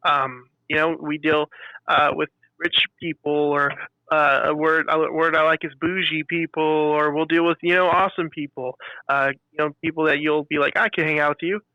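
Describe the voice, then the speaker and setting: A man co-hosting a podcast, telling animated stories about customers in a casual chat and acting out their lines. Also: on the high side, moderate pace, no echo, lo-fi sound. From California. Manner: animated storyteller, acts out customer quotes. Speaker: podcast co-host.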